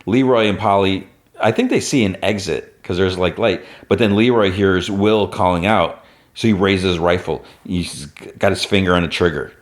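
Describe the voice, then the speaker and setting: A man's voice: sits low, moderate pace. A man hosting a podcast, loosely recapping a TV episode with many fillers and acting out characters' lines. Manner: retells scenes, acting out lines in a raised voice; loose, filler-heavy storytelling. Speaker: podcast host.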